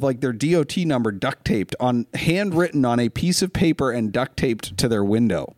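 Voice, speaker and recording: A man's voice: mid-range voice, animated, moderate pace, few pauses, darkish tone, no room sound, clean studio sound. A man hosting a podcast, telling stories and giving advice in a rambling, casual way. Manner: rambling, many fillers and restarts, storytelling. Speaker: podcast host. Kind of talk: casual chat.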